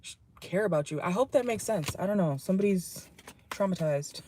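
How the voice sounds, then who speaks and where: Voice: medium pitch, lively intonation, normal speed, mellow, a little hiss or hum. Blunt, salty tarot reader in a car. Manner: blunt, salty, chatty, laughs often. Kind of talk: casual channeled tarot reading. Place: parked car.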